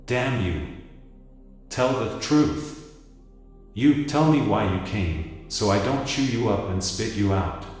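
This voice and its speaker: A man's voice: on the low side, expressive, takes it slowly, a little mellow. A man voicing a fierce, proud Greek warlord who talks bluntly and angrily, in a dramatic reading in an echoey hall. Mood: angry. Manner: angry, blunt, demanding. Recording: echoey hall with music behind.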